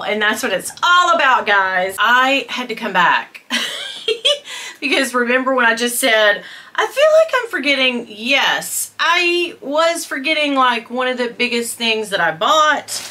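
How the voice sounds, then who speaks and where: A woman, chatting excitedly to viewers in a fashion haul video, gasping and squealing with delight. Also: on the high side, measured pace. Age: 50s. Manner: gushing, squeals and gasps with delight, talks to viewers as girl and y'all. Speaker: beauty and fashion vlogger.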